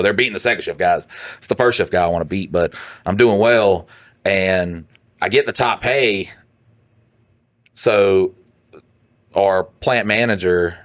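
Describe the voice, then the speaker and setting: A man co-hosting a podcast, telling a profane, animated story in casual chat and putting on voices for the people he quotes. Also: low-pitched. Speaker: podcast co-host.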